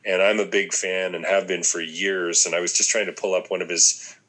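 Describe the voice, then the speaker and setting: A man in casual conversation about a film, thinking aloud with frequent pauses and restarts. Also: low-pitched, level tone, a bit bright, rough recording. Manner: reflective, thinks aloud with many ums and restarts. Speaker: podcast co-host discussing a film.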